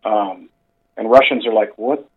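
A man's voice: mid-range voice, normal speed, narrow, tinny audio. A man co-hosting a casual chat show, talking in a rambling way with lots of fillers. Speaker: podcast co-host.

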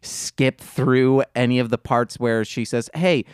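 Slow-talking man with a smooth voice. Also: medium pitch, flat delivery, dry recording, clean studio sound. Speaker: podcast co-host. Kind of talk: casual chat.

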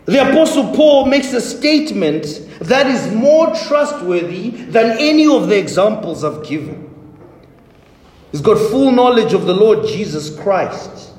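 A man's voice: sits high, big pitch swings, unhurried, a little mellow. A man preaching a sermon as pastor, with emphatic, repetitive declarations. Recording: echoey hall, faint ambience.

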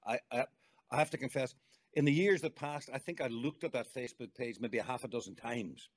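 A man's voice: mid-range voice, a little fast. An older man, a guest songwriter chatting in an interview and telling stories. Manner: chatty, storytelling, warm exclamations. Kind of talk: casual interview chat.

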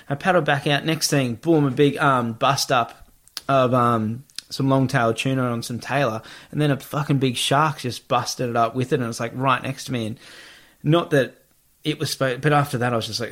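A man's voice: mid-range voice, fairly even intonation, a little fast, fairly bright tone. Young aussie man, easygoing podcast storyteller, swears a lot. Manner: laid-back, swears freely, lots of fillers. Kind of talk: casual storytelling chat.

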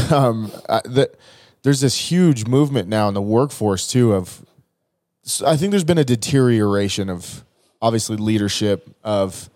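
A man's voice: lowish voice, expressive, a little slow, darkish tone, no room sound, studio quality. Rambling man hosting casual chat. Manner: rambling, hesitant, laughs along.

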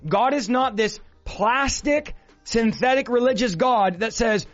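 A male preacher delivering a fervent sermon, often shouting. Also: very high-pitched, moderate pace. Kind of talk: fiery sermon. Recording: dull lo-fi sound with faint music.

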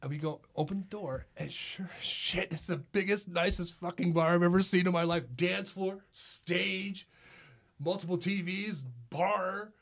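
Middle-aged male podcast guest, a bit high-pitched, loose storyteller who swears and laughs a lot. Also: steady tone, a little slow, a bit bright. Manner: swears freely and laughs often while telling anecdotes. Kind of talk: casual chat, storytelling.

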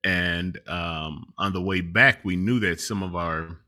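Middle-aged male co-host, low pitch, bright tone, animated storyteller. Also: slow pace. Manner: animated, laughs often while telling a story. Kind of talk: casual storytelling chat.

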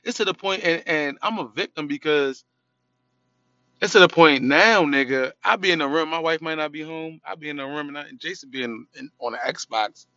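A man in his thirties in casual podcast chat, telling stories with lively acted-out quotes. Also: moderate pace, no room sound, lo-fi sound. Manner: animated storyteller, acts out quotes in a high voice. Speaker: podcast co-host.

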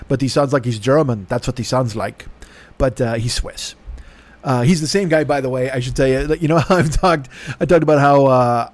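A middle-aged man rambles through a story with dry sarcasm and constant swearing. He talks at an ordinary middle pitch, in casual monologue style. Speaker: podcast host.

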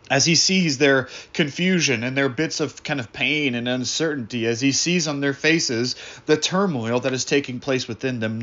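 A man preaching a sermon in an earnest, reflective way, slowing down to stress key words. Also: mid-range voice, a bit bright, highs cut off. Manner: earnest, reflective, slows down for emphasis. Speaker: pastor.

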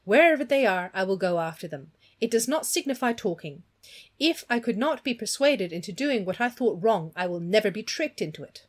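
A woman's voice: medium pitch, lively intonation, brisk, lightly acted. A woman reading aloud voices a principled young woman who speaks in an earnest, firm way. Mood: determined.

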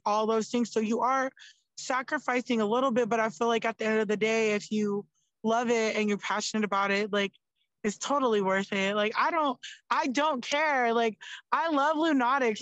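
Young woman podcast guest, chatty and animated, higher voice. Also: moderate pace, no room sound, lo-fi sound. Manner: animated, lots of "like", swears freely. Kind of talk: casual chat.

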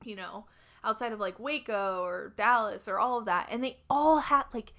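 A woman's voice: medium pitch, moderate pace, fairly bright tone. A woman in her thirties co-hosting a podcast, chatting casually and gushing with frequent giggles. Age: 30s. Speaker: podcast co-host. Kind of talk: casual chat.

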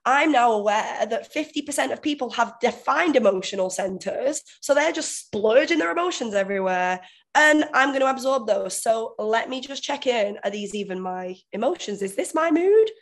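A woman's voice: on the high side, expressive, normal speed. Woman coach as podcast guest; explains steadily, voices inner thoughts.

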